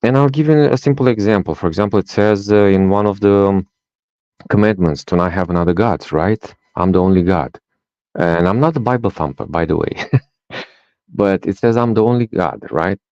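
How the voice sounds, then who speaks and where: Deep-voiced man. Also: brisk, no room sound. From Romania. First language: Romanian. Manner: animated storyteller, acts out dialogue, tags lines with "right?". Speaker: guest, life coach. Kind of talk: personal storytelling in a podcast interview. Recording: dull, dry sound.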